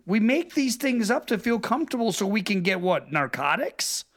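A middle-aged man talking bluntly in a casual chat, telling stories with swearing and quick impressions of other people. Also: high voice. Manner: blunt, profane storytelling with lively impressions.

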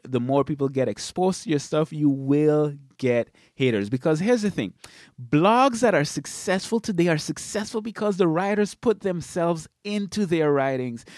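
A man's voice: a little high, darkish tone, no room sound, clean studio sound. A man hosting a blogging podcast, giving solo advice in an emphatic way, leaning on key words.

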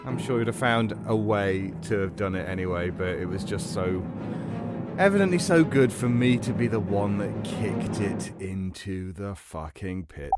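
A man's voice: on the low side, moderate pace, loud music behind the voice. A man recording outtakes for an audio musical, laughing and swearing about a botched take. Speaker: voice actor recording songs. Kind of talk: studio outtakes, casual banter.

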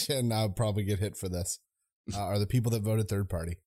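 A man's voice: fairly low pitch, brisk, no room sound. A man in his thirties co-hosting a casual podcast, telling stories animatedly and acting out voices. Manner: animated storyteller, acts out voices in anecdotes. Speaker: podcast co-host.

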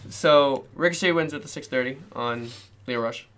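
A man's voice: medium pitch, normal speed, a bit bright, clear, resonant tone. Rambling, self-mocking male podcast co-host. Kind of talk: casual chat.

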